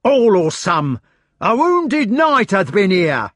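A man voicing a jealous, furious medieval knight who yells in a shrill, strained voice. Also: huge pitch swings, slow, dry recording, clean studio sound, heavily acted. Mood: raging.

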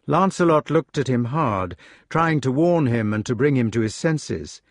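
Reading a novel aloud, this male audiobook narrator tells the story expressively in scripted narration. His mid-range voice is expressive and moves at normal speed, recorded as clean studio sound with no echo.

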